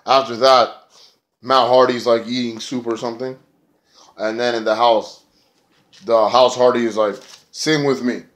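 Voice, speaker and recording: A man's voice: mid-range voice, level tone, moderate pace, long pauses, a bit bright. A man feeling sick and snotty, giving a casual, profane, rambling review of a wrestling show, with lots of filler words. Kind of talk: casual spoken review vlog.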